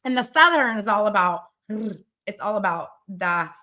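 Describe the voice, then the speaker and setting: A woman born in the American South hosts a casual live-stream chat as a business coach. She talks quickly and animatedly, full of fillers and laughter, with a bright, forceful tone at middling pitch. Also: animated. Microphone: studio live-stream mic.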